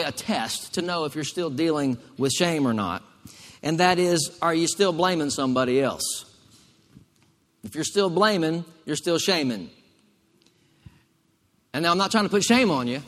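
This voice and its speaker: A man's voice: on the high side, expressive, normal speed, pauses often, fairly bright tone, long reverb tail. A male pastor preaching a sermon emphatically, calling for responses from the congregation.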